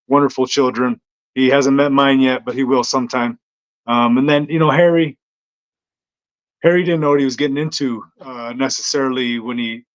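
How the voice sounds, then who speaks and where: A man, a fighter being interviewed, telling stories in an easygoing, hesitant way with lots of ums. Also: mid-range voice. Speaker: bare knuckle fighter, guest. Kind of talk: casual interview storytelling. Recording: dull lo-fi sound.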